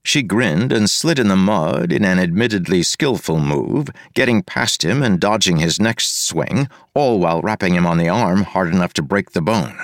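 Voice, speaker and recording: A man giving scripted audiobook narration, reading fight scenes briskly. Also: low-pitched, animated, no room sound, clean studio sound.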